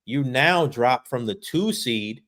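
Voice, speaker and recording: Over a remote video call, a male co-host of a casual sports podcast speaks slowly in a medium, slightly bright voice. He's animated, emphatic and frustrated, often repeating words.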